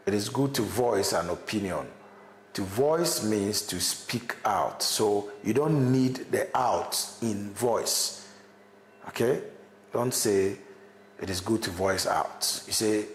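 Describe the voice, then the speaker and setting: A male university lecturer, teaching an online class, repeating his examples and checking in with "okay?". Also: mid-range voice. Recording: echoey room.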